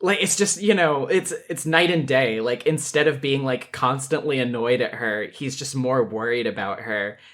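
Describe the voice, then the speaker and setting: A man chatting casually as host, with a mid-pitched voice. He talks in an animated way, laughing often and leaping high in pitch whenever he acts out a quoted line. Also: normal speed, hardly any pauses. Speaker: podcast host. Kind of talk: casual chat.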